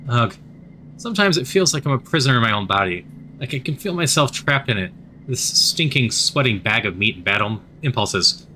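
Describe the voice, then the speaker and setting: A man voicing a prickly teenage girl genius scientist, clipped and bitter, in his own bright voice. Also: mid-range voice, animated, brisk, slight background noise. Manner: clipped, bitter, self-serious.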